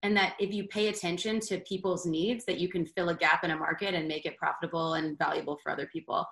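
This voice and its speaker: Low-voiced woman in an echoey room. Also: flat delivery, fast talker, vocal fry, fairly bright tone. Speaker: podcast guest, networking founder. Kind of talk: casual interview chat.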